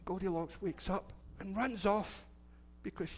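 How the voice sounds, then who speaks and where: A man's voice: high voice, a little slow, a little hiss or hum. A middle-aged Scottish man, a minister, telling a children's story in church in a chatty, playful way and asking the children questions. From Scotland. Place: church sanctuary.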